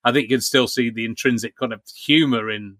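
Bright-voiced male podcast host. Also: medium pitch, fairly even intonation, quick pace, dry recording. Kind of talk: casual podcast chat.

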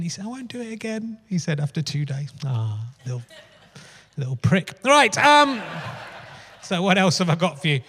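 A man's voice: on the high side, a bit bright. A man in his fifties hosting a comedy podcast live on stage, rambling through anecdotes in a chatty, swearing stand-up manner. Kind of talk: live stand-up style monologue. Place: theatre stage before a live audience. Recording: live theatre with hall reverb.

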